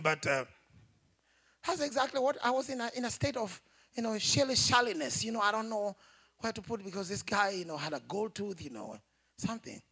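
Male preacher, high and gravelly voice; halting, emotional testimony that shifts from whispered to raised. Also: big pitch swings, sharp tone. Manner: emotional, halting, with many restarts; swings between whispering and raised voice. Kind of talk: sermon testimony.

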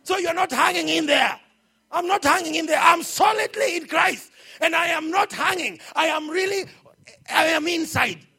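A male pastor preaching a sermon, shouting his exclamations and throwing questions at the congregation. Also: very high-pitched, normal speed, vocal fry.

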